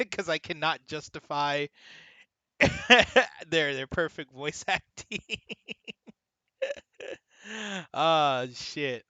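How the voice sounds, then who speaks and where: A young man streaming a video game, chatting casually with his viewers, excitable and swearing often. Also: fairly high pitch, clear, resonant tone, dry recording. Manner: excitable, swears a lot, talks to chat. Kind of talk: casual gaming stream chat.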